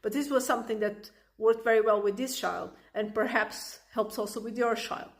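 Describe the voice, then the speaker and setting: A woman's voice: on the high side, fairly even intonation, normal speed. A woman parenting coach explaining advice in a casual, chatty way, with frequent "like" and "right?" fillers. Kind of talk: casual explanatory talk to camera.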